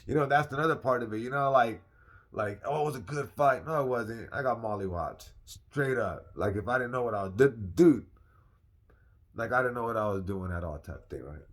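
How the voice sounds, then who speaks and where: A young man casually telling a personal story, animated and slangy, repeating phrases for emphasis. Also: mid-range voice, normal speed. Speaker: vlogger.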